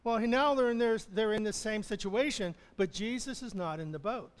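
A man's voice: sits high, moderate pace, long reverb tail. A man preaching a conversational sermon as pastor, chuckling often and restarting phrases.

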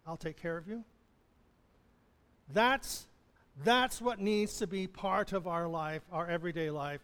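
A man with a high voice preaches a sermon and laughs softly between points. He acts out the lines he quotes. His voice rings with the long reverb of a large hall. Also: clear, resonant tone. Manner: chuckling often, acting out the quoted lines.

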